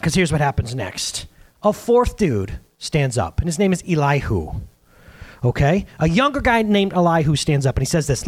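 A man preaching in a casual, conversational way, his voice sitting high and leaping up and down with emphasis. He acts out the quotes he reads. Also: big pitch swings, moderate pace. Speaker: pastor. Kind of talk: sermon.

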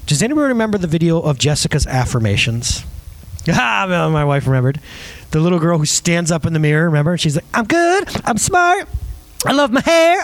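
A pastor in his thirties preaches with real drive, pitch swooping up and down as he presses his point. His voice sits a touch high for a man and carries a husky grain. He keeps turning to the congregation with questions. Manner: emphatic, animated preaching to a congregation, asking the crowd questions. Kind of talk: sermon. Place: church service before a live audience.

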